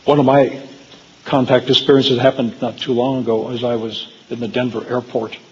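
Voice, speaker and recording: A man's voice: medium pitch, level tone, moderate pace, long reverb tail, lo-fi sound. A man giving a talk to a live audience, telling personal stories in a rambling way with frequent fillers and restarts. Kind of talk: storytelling lecture to a live audience. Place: hall with audience.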